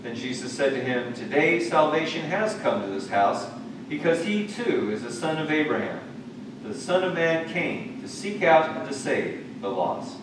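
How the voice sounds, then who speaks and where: A man leading a church service, reading scripture in a measured way and chatting playfully with children. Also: fairly high pitch, big pitch swings. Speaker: pastor. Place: church sanctuary. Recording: echoey sanctuary recorded from far off, noisy.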